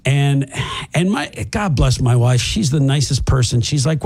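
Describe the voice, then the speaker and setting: A man's voice: medium pitch, lively intonation, a little slow, a little mellow, husky. A middle-aged man telling a story in casual chat, laughing and acting out the people he quotes.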